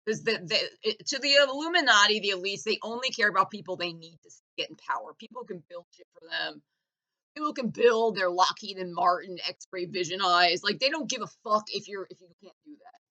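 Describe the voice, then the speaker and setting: A woman's voice: medium pitch, a little fast, sharp tone, poor audio. A woman ranting in a vlog, sarcastic and mocking, swearing freely. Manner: sarcastic, mocking, profane, heated. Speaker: vlogger. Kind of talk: profane political rant.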